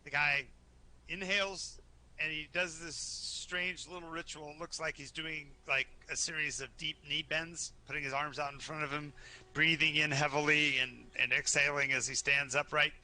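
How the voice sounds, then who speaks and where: A man's voice: a little high, steady tone, moderate pace, bright, forceful tone. A man narrating a live tabletop game as game master, stammering and repeating words as he tells the story.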